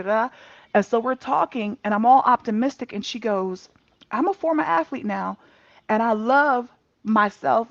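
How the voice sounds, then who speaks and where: A woman telling a personal story in a candid casual chat over a video call, animated and laughing often, cursing freely. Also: fairly high pitch, dry recording. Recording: dull muffled lo-fi mic.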